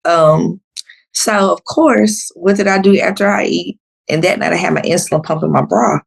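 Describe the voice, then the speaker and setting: Gravelly-voiced woman telling a story. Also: moderate pace. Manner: animated, acts out quotes with sharp pitch jumps; blunt, unfiltered. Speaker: podcast guest. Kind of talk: casual storytelling.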